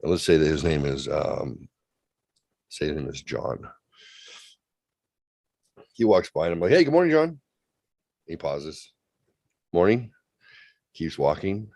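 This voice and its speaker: A man's voice: very deep voice, slow, pauses often, darkish tone, no echo. A man co-hosting a comedy show over a remote call, telling a bawdy story and acting out the other people's lines with playful relish. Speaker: co-host. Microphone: remote video call.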